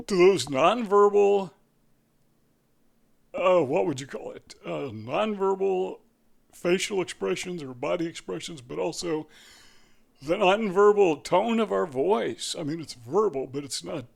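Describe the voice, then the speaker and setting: A man with a fairly high voice and a heavy gravelly rasp talks straight to camera. He works through numbered advice points in an earnest, unscripted way and pauses now and then to find the right word. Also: animated. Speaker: channel host. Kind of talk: talking-head advice monologue.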